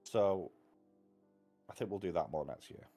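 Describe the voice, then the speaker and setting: A man's voice: low-pitched, a little slow, mellow, faint music behind. A man chatting casually as a book channel host, rambling and wry, cutting himself off mid-sentence. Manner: rambling, self-interrupting, wry. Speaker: booktube host. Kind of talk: casual chat.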